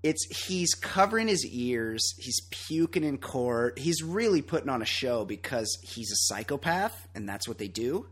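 A man co-hosting a podcast in casual banter, loud, opinionated and profane, often laughing. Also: medium pitch, sing-song, unhurried, hardly any pauses, husky. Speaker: podcast co-host.

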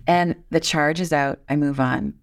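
A woman's voice: sits low, fairly even intonation, a little slow, vocal fry. A middle-aged woman chatting candidly and wryly as a podcast guest. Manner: candid, wry and playful. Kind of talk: casual conversation.

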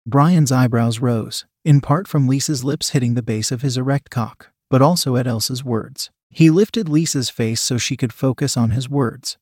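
A male narrator reading an audiobook in a steady, even way. His voice sits at a middle pitch and is recorded dry and close, with no room sound. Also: normal speed, few pauses, breathy edge, dry recording. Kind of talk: audiobook reading of an adult story.

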